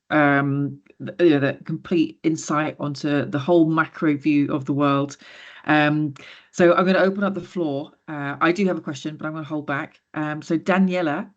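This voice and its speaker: A woman hosting a webinar on a video call, speaking politely with some hesitant pauses. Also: sits low, highs cut off. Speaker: session host. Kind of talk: moderating a webinar.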